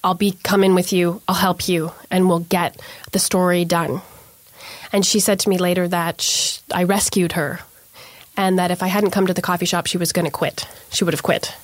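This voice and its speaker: Young woman telling her story in an interview, kinda low voice, acts out what people said, dry close sound. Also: flat delivery, moderate pace, dry recording. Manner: earnest storytelling, acts out quoted dialogue. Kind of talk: personal account in an interview.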